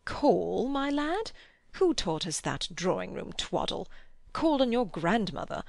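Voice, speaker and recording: A woman voicing an earnest, lecturing old man in an audiobook, with a gravelly tone. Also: medium pitch, very animated, a little slow, a little mellow, no echo, studio quality.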